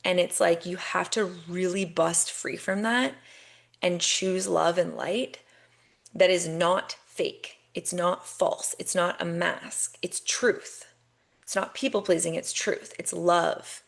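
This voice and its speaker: A woman's voice: on the low side, steady tone, slow, gravelly. A young adult woman hosting a podcast, giving an emphatic motivational monologue that swears freely and repeats phrases for punch. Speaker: podcast host.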